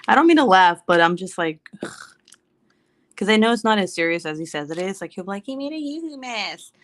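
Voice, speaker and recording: A woman's voice: on the low side, lively intonation, fairly quick, long pauses. A woman chatting casually on a home livestream, rambling and laughing often. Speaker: livestream host.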